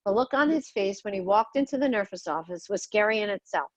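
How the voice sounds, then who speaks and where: A woman's voice: medium pitch, animated, brisk, dry recording, highs cut off. A middle-aged woman narrating her own life story in a somber, confessional way, blunt and sometimes swearing. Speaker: podcast host telling her own story. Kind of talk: personal memoir narration.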